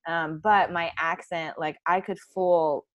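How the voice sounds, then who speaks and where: A woman's voice: lowish voice, steady tone, slow, no room sound, lo-fi sound. A woman in her twenties from the United States, chatting as a podcast guest and filling her talk with "like". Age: 20s. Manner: chatty, lots of "like" fillers. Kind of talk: casual interview chat.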